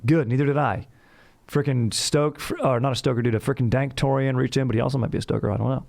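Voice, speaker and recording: A man's voice: mid-range voice, fairly even intonation, fast, gravelly, a little mellow. A young man hosting a casual storytelling podcast, hyped and slangy, swearing casually and saying dude constantly. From Orange County, California. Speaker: podcast host.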